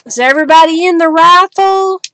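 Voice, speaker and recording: Middle aged lady chatting on a craft livestream, kinda high voice, laughs a lot. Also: brisk, pushed and bright. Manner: chatty, talks to viewers while working, laughs often. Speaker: crafting live-stream host. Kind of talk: casual live-stream chat.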